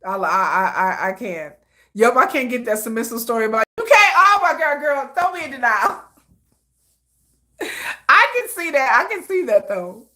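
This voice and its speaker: A woman's voice: fairly high pitch, normal speed. A woman hosting a casual livestream chat, talking in a slangy, conversational way and laughing often between her thoughts. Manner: chatty, laughs often, animated asides. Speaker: livestream host.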